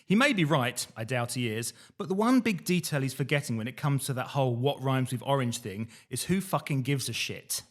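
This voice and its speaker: Man reading diaries deadpan. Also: mid-range voice, a little fast, hardly any pauses. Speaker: podcast host reading diaries. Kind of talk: casual chat and diary reading.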